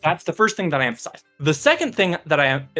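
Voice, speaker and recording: Brief: mid-pitched teacher on a voice call, patient and explanatory, fillers like "uh", music faint behind. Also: big pitch swings, quick pace, a bit bright. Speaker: computer science teacher. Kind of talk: casual explanation on a stream.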